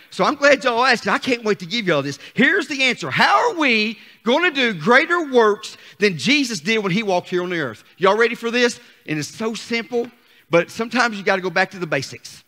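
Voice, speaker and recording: An older man preaching a fervent sermon as pastor, calling on the congregation and rising to shouts. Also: high voice, sing-song, normal speed.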